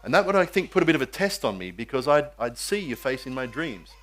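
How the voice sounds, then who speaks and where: A man's voice: medium pitch, big pitch swings, quick pace, fairly bright tone. A man preaching a sermon, telling a story and acting out the voices of its characters.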